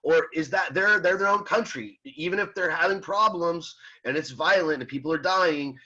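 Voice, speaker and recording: A man's voice: a little high, moderate pace, sharp tone. A man teaching an ethics class in a casual, rambling way, with lots of fillers and restarts, reading out student comments and answering them. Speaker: college ethics instructor. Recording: slightly muffled recording.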